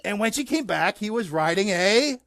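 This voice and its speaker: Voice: medium pitch, animated, moderate pace, fairly bright tone, a little hiss or hum. Playful sing-song puppet show narrator.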